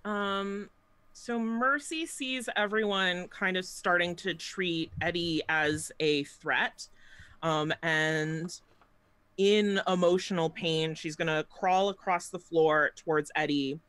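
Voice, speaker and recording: A woman with a low yet bright, forward voice describes her character's turn in a tabletop game, chatty and laughing often. The sound is dry and close. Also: slow, smooth, no echo. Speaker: player. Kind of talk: casual tabletop play.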